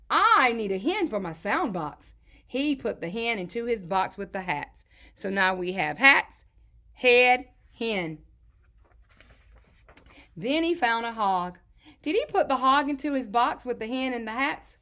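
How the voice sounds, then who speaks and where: Animated woman teacher reading to children. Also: on the high side. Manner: warm, encouraging, sing-song teacher voice with exaggerated emphasis. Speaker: kindergarten teacher. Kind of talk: reading a storybook and teaching phonics to young children.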